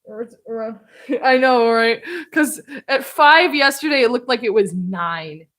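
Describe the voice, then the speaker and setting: Woman streamer chatting while she draws, kinda high voice, slow and easygoing, laughs at herself a lot. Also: animated, fairly bright tone. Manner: chatty, self-deprecating, laughs often. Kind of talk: casual live-stream chat while drawing.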